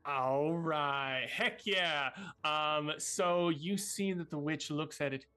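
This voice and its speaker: A man narrating a tabletop game as game master, unhurried and loose, with fillers along the way. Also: on the high side, bright, forceful tone, clear, resonant tone.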